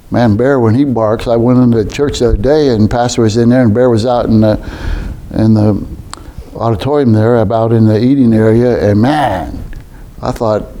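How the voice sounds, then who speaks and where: A middle-aged man preaching in an unhurried, homespun way. His voice sits at an ordinary male pitch, and he keeps returning to rhetorical questions as he talks to the congregation. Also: vocal fry, dark tone. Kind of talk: sermon.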